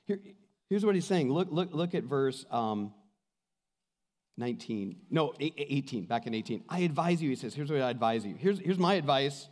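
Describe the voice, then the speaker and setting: A man preaching a sermon as pastor, passionate, swinging between loud calls and hushed asides. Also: medium pitch, lively intonation, normal speed. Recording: long hall reverb.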